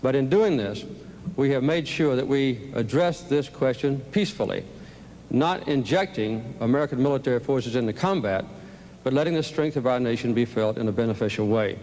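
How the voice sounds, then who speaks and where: A candidate speaks at a formal debate, choosing his words slowly and deliberately. His voice sits at an ordinary middle pitch for a man. The old archival recording carries a long, booming hall reverb. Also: lively intonation, a little mellow. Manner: measured, deliberate, speechlike.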